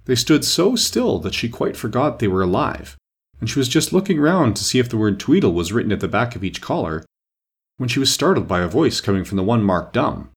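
A man narrating a classic children's book with expressive storytelling. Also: medium pitch, fairly quick, breathy edge. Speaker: audiobook narrator. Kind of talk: scripted narration.

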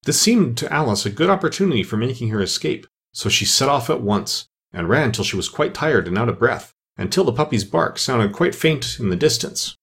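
Gravelly man narrating a storybook. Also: mid-range voice, sing-song, a little fast, few pauses, a bit bright. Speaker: audiobook narrator.

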